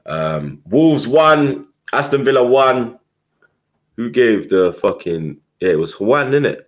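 A man's voice: mid-range voice, very animated, slow pace. A man hosting a casual football podcast, swearing and teasing his co-hosts. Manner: swears a lot, teasing, loud. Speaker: podcast host.

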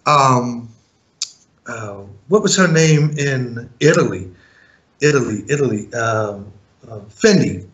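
A man who once managed a music group, giving an interview and telling his side with indignant, animated storytelling full of fillers and restarts. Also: mid-range voice, slow pace, lo-fi sound. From living in Europe.

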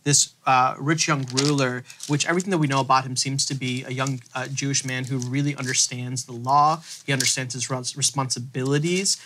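A man on a faith podcast, retelling a Bible passage in an animated storytelling way and acting out the quoted lines. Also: medium pitch, fairly quick, hardly any pauses, a little hiss or hum. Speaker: theologian co-host.

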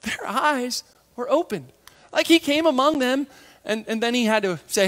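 A man preaching a sermon, animated, acting out the voices of biblical figures and dropping to a hush for tender moments. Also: very high voice, moderate pace, in a large hall.

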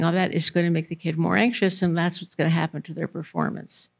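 A woman's voice: lowish voice, brisk, gravelly, hardly any pauses. A woman giving a conversational presentation to parents in a library meeting room, putting questions to the audience.

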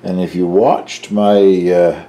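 An older man casually narrating his home baking for a cooking video, chatty and relaxed, tasting as he talks. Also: sits low, takes it slowly. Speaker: home baker, channel host.

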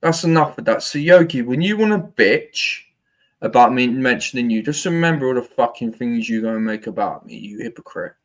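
A man's voice: mid-range voice, expressive, a little fast. A man on a livestream, ranting angrily, swearing, taunting and threatening.

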